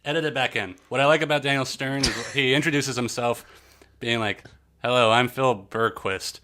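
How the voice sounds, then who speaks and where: A man's voice: mid-range voice, fairly even intonation, brisk, sharp tone. A man co-hosting a casual podcast, rambling and joking, often trailing off and restarting. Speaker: podcast co-host. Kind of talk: casual chat.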